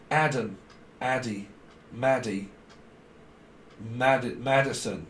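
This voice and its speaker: A man's voice: mid-range voice, animated, slow pace, pauses often. A man giving a rambling tarot reading, free-associating, swearing and chuckling as he goes. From near London. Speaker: tarot reader. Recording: roomy sound, mic at a distance.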